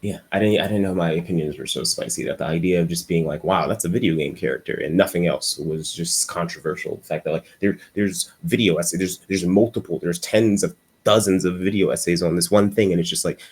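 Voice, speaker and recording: A man's voice: low voice, fairly even intonation, a little fast, hardly any pauses, a little mellow, slightly rough. A man giving an unscripted commentary monologue for a video essay. He rambles and stutters, restarting his sentences often.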